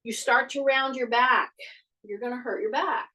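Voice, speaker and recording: An older woman leads an exercise class, talking through each move while she demonstrates it. Her voice is high and bright, with an encouraging, direct manner. She is heard from a little distance, away from the mic. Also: fairly even intonation, moderate pace. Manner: encouraging, talks while demonstrating moves on the floor. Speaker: fitness instructor.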